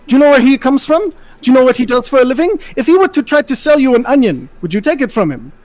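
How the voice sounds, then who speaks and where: A man's voice: extremely high pitch, very animated, fast, a little mellow. A man playing a character in a tabletop game, giving an impassioned, reasoning speech full of rhetorical questions. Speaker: player.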